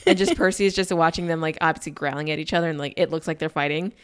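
Woman, low-ish voice, chatty co-host who bursts into character voices. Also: very fast, clear, resonant tone. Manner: animated, acts out character lines in funny voices. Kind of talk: casual movie recap chat.

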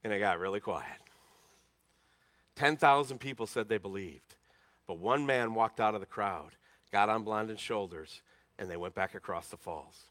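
A man preaching a sermon, telling stories dramatically and swinging from loud emphasis to hushed tones. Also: on the low side, moderate pace, pauses often, no echo. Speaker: pastor.

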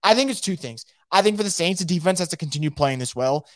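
A man hosting a casual live sports podcast, reading out viewer comments and reacting in a fast, emphatic way, often repeating his words. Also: high voice, animated, a bit bright, no echo, studio quality.

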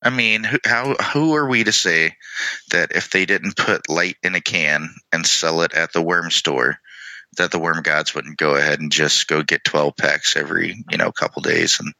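A man co-hosting a casual podcast, chatting and reading passages aloud in a relaxed way. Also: a bass voice, moderate pace, creaky, no room sound, low-quality recording. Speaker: podcast co-host.

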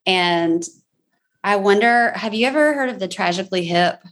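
A woman's voice: medium pitch, animated, normal speed, fairly bright tone. A woman interviewing a guest, enthusiastic and casual, swearing freely as she talks.

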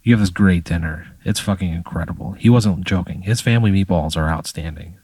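A man's voice: sits low, a little fast, a little mellow, breathy edge, no echo. A man narrating a tabletop game as game master, in a casual, profane storytelling manner.

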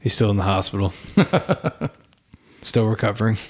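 A man's voice: lowish voice, animated, slight background noise. A man co-hosting a casual podcast, chatting and joking with bandmates while tasting beer. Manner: joking, laughing, drawn-out jokes. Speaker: podcast co-host. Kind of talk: casual chat over beers.

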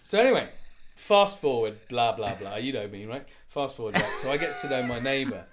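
A man in his forties telling a story in casual chat, animated and swearing, acting out other people's lines. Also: medium pitch, fairly quick, background noise.

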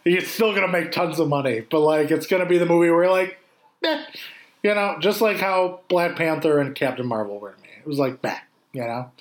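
A man chatting casually about movies on a podcast, animated, swearing often and laughing a lot. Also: on the high side, fast, few pauses, reverberant.

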